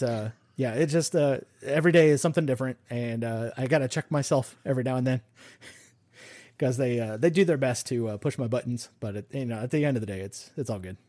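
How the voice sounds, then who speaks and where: A man's voice: medium pitch, a little mellow, no room sound. A father of two in casual chat, telling stories with easy chuckles.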